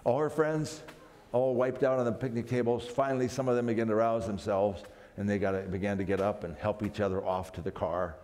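A man's voice: fairly low pitch, steady tone, a little fast, darkish tone. A man speaking at a camp meeting, telling a story dramatically for family worship, often restarting his phrases. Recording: long hall reverb, faint background noise.

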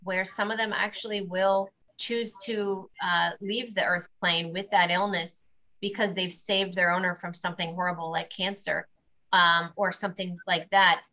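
A woman's voice: on the low side, flat delivery, moderate pace, sharp tone, rough recording. A woman hosting an interview, speaking earnestly and emphatically about spiritual ideas. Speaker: podcast host. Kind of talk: interview conversation.

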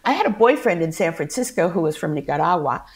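A middle-aged woman sits in as a guest, spinning lively stories from her career in a casual chat. Her voice sits on the lower side and she breaks into laughter easily. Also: fast talker. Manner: animated anecdotal storyteller, laughs often. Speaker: guest actor. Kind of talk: casual storytelling interview.

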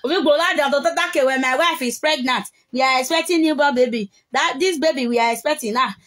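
A woman's voice: high voice, a little fast, a bit bright. A Nigerian woman ranting heatedly on a live video, scolding and mixing pidgin with a local language, recorded on a phone.

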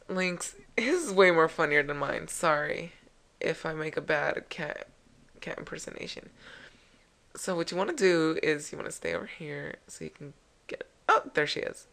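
Woman let's play host, low-pitched, rambling and jokey. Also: unhurried, creaky, long pauses, fairly bright tone. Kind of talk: casual gameplay commentary.

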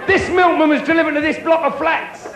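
Crude club comic, high animated voice, roomy hall, crowd noise. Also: male voice, a little fast. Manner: crude, profane joke-telling, banter with the crowd. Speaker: stand-up comedian. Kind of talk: live stand-up comedy. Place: comedy club stage.

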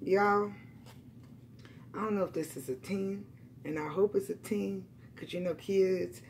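A woman reading tarot cards for her viewers, blunt and profane, repeating lines for emphasis and swinging between loud outbursts and quiet, emotional asides. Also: medium pitch, unhurried, a little hiss or hum. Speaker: tarot reader.

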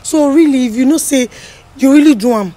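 A woman with a Nigerian Pidgin accent who questions a couple and tells the husband again and again to calm down. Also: high voice, a little fast. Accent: Nigerian Pidgin English. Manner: calm questioning, repeatedly urging relax. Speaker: host mediating a family dispute.

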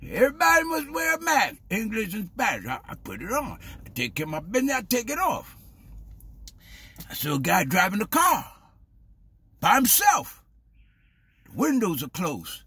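Husky, animated man preaching casually. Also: high-pitched, normal speed, long pauses. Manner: animated and preachy, stammering repeated words; street-style grammar, says "man" and "baby". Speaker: vlogger. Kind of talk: casual spoken monologue.

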